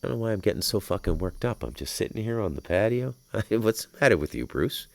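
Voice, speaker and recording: A podcast host on an outdoor patio delivers a rambling spiritual monologue in a lowish, creaky voice, talking quickly with big pitch swings. He swears heavily and flares into heated shouting, and the recording is dry.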